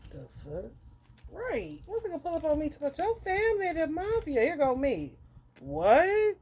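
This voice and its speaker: A woman's voice: very animated, normal speed. Blunt, profane woman on a live stream. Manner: blunt, profane, calls listeners honey; swings between loud outbursts and low muttering. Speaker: tarot reader and live-stream host. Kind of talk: unscripted live-stream monologue.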